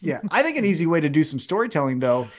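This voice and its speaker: A man co-hosts a casual wrestling podcast, talking animatedly, swearing plenty, and acting out quotes in raised voices. His voice is fairly high, with big pitch swings and a quick pace.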